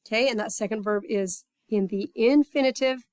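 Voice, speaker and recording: Woman, teacher voice, slightly high, dry close recording, patient lesson delivery. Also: darkish tone, no room sound. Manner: patient, repeats okay often; reads Spanish example phrases slowly. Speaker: Spanish teacher.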